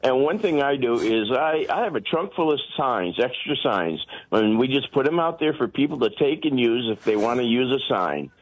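A man calls in to a radio show with a middle-pitched voice. He talks hesitantly, pausing on fillers and restarting his sentences. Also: expressive, rough recording. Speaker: caller.

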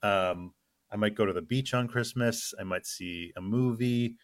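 A man's voice: lowish voice, a little slow, no room sound. A man talking politics as a guest correspondent, speaking loosely with lots of fillers and a dry, sarcastic edge. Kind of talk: casual political chat.

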